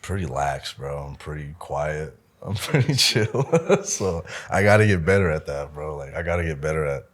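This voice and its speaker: Laid-back low-voiced young man, laughing a lot. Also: expressive, moderate pace, few pauses. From Omaha, United States. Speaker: podcast guest, musician. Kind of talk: casual interview chat.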